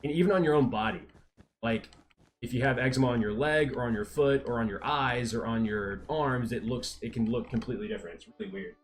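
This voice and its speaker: A man's voice: mid-range voice, a little fast. Rambling Texan man streaming. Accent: mild Texan. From Texas, USA. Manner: rambling, many restarts and fillers. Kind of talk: casual live-stream chat.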